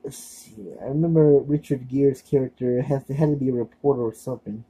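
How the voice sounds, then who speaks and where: A young man talks to his channel in a loose, rambling way. He leans on fillers and self-deprecating asides. His voice is very dark and mellow, with a husky edge. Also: mid-range voice, brisk, rough recording. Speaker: vlogger. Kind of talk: casual rambling video monologue.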